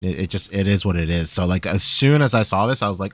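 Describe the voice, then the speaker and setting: A man's voice: deep voice, lively intonation, quick pace, no echo. A man co-hosting a podcast in casual chat, laid-back and hesitant, with many fillers and restarts. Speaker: podcast co-host.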